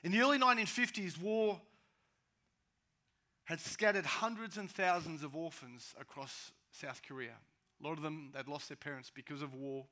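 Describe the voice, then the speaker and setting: Animated pastor preaching with a bright voice. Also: male voice, fairly high pitch, moderate pace. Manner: animated preaching with sudden loud rises and quiet drops. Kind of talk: sermon.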